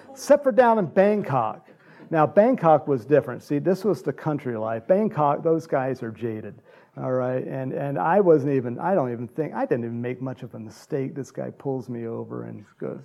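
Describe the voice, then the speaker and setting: A middle-aged man from the United States giving a loose, conversational sermon. His voice is gravelly and dark, sitting a touch high for a man. He rambles through anecdotes with restarts and chuckles. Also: lively intonation, moderate pace, lo-fi sound. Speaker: preacher.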